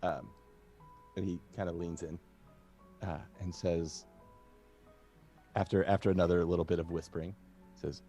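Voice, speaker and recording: Relaxed male game master, very low voice, faint music behind. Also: moderate pace, pauses often. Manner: relaxed, hesitant with fillers. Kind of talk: narrating a tabletop game.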